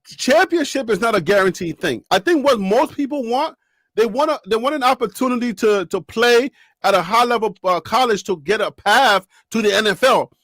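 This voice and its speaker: A woman hosting a casual live sports talk show, animated and laughing often as she teases her co-hosts. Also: a little high, moderate pace, no echo, clean studio sound.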